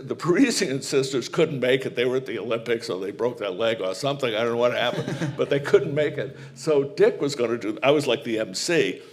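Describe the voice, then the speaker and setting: A humorist from Maine holding forth on stage in a live interview. He rambles through anecdotes with many restarts and searching pauses, then settles into reflective musing at an average pitch. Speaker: humorist guest. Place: small live performance venue.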